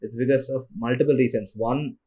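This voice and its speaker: A man's voice: medium pitch, fairly even intonation, fairly quick, dark tone, husky. A young man whose first language is Tamil, hosting a solo podcast and rambling on tiredly, with many restarts. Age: young adult. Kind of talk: casual monologue.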